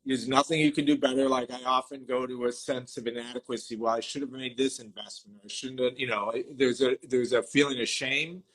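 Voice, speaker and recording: A man talking in a soft-spoken, reflective way about his own feelings as a guest in a casual conversation. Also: mid-range voice, steady tone, brisk, hardly any pauses, low-quality recording.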